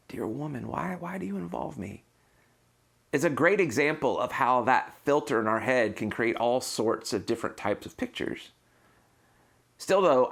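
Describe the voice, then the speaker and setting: A man's voice: mid-range voice, a bit bright. A man pastor preaching a sermon, earnest and explanatory, now and then acting out quotes.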